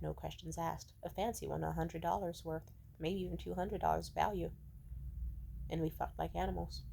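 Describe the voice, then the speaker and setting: Young woman, low-pitched, blunt, profane, casual commentary. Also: creaky, darkish tone. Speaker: video essayist.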